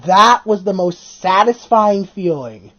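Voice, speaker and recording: A video host tells stories in an excited rush, the pitch swinging widely up and down. The talk is casual and full of swearing. The recording sounds dull and lo-fi. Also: slow. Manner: animated, excitable storytelling with frequent swearing. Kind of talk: casual chat.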